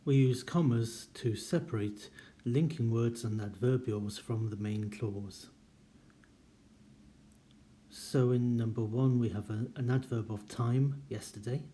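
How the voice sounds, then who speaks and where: A man teaching an academic writing class, speaking clearly and deliberately and reading example sentences aloud with marked intonation. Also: medium pitch, warm tone, a little hiss or hum. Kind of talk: recorded lecture.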